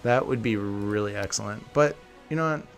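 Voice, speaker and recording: A man's voice: fairly low pitch, moderate pace, faint music behind. A man giving casual gameplay commentary for a building tutorial, chatting to viewers and thinking aloud as he corrects himself. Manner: chatty, talks to viewers as "guys". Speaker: video game tutorial creator.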